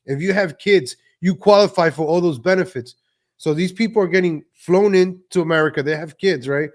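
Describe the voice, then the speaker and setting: Man hosting a livestream, slightly high voice, sarcastic rant, lots of fillers. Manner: ranting, sarcastic, many fillers like "like". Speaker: show host. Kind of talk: livestream political commentary.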